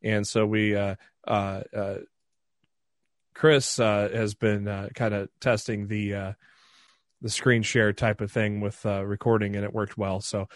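A man's voice: lowish voice, little pitch movement, unhurried, dry recording, clean studio sound. A man co-hosting a casual podcast, rambling with many fillers in an easygoing way. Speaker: podcast co-host.

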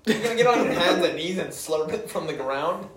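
A man's voice: high-pitched, lively intonation, fairly quick, fairly bright tone. A young man co-hosting a casual podcast, goofy and playful. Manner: goofy, does mock British and Irish voices. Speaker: podcast co-host. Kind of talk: casual chat. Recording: echoey room, mic at a distance.

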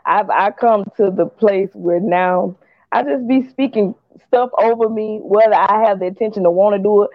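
Lively storytelling woman, dull dry recording. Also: medium pitch, normal speed, no echo. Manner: lively storytelling, calls listeners honey and babe. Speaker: guest in faith conversation. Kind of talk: faith talk conversation.

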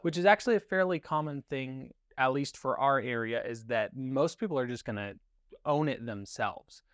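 A man's voice: mid-range voice, normal speed, clean tone, no echo, clean studio sound. A man, a guest on a filmmaking podcast, talking casually and rambling with fillers and restarts. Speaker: guest, cinematographer and gaffer.

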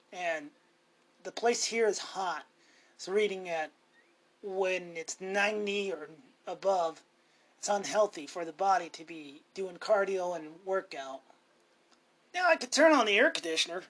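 A man talks through a loose solo podcast episode, drifting from topic to topic. He swears freely and calls himself ornery, in an unscripted, chatty ramble. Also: high-pitched. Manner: rambling, profane, self-talking. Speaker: podcast host. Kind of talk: casual solo podcast monologue.

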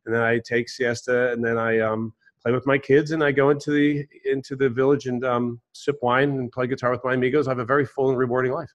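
A man voicing a content, easygoing fisherman who speaks joyfully and relaxed. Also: medium pitch, fast talker, few pauses, dry recording, dull audio, close to an everyday voice.

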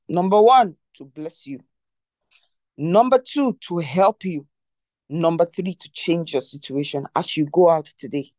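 Emphatic, mellow devotional teacher. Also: medium pitch, animated, unhurried, no echo. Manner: emphatic, repeats key phrases, asks rhetorical questions.

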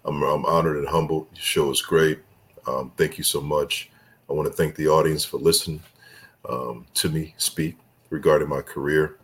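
A man's voice: a bass voice, steady tone, normal speed. A man guest on a talk show, chatting casually, drifting off on tangents and laughing as he spells things out. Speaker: guest filmmaker. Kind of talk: casual podcast chat.

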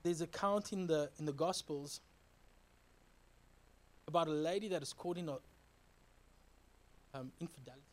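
A man's voice: a little high, normal speed, pauses often, a little hiss or hum. A male pastor giving a sermon in a conversational, earnest way, urging the listeners with repeated calls to act. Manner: animated, joking storytelling with sound effects.

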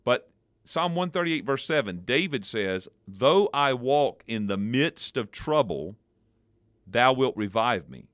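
A man co-hosting a devotional podcast, explaining Bible verses in a conversational, animated way. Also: slow, no room sound, clean studio sound. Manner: animated, playful, jumps in pitch for emphasis.

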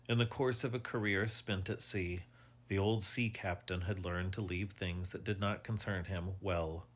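A man reading a mystery story aloud in measured, scripted narration. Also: low-pitched, fairly bright tone.

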